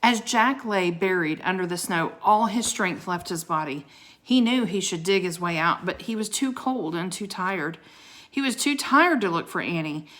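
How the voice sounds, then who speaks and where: A woman reads a children's storybook aloud in a clear, bright voice. Her reading is expressive, with occasional small stumbles. She sounds like she is reading to a child at home. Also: fairly low pitch, normal speed. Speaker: reader of a children's book.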